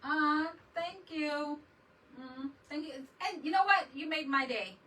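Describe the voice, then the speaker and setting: Giggly slow-talking woman livestreaming. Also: high voice, sharp tone, distant mic, poor audio. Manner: laughs often, mixes Spanish into English. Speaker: livestream crafter. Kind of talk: casual livestream chat.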